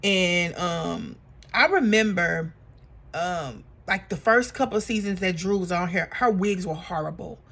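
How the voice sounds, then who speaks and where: A woman recapping a reality TV episode in a casual, gossipy vlog, animated and chatty, with plenty of fillers. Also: lowish voice, measured pace. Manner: animated, acts out quotes in exaggerated voices; chatty with frequent fillers and laughs.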